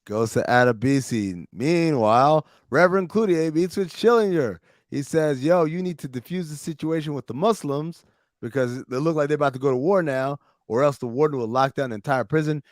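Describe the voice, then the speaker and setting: A man hosting a podcast, retelling TV episodes in a casual, profane, animated way with plenty of quoted dialogue. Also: on the high side, brisk, no room sound, clean studio sound. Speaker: podcast host recapping a TV series. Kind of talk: casual recap chat with friends.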